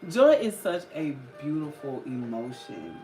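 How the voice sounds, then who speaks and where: An unhurried host speaking to viewers in a chatty, loose way during a casual live-stream card reading. The voice sits in a roomy, echoing space with clear music playing behind it. Its pitch is middling. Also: sing-song, dark tone. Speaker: livestream host giving spiritual card readings. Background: clear background music.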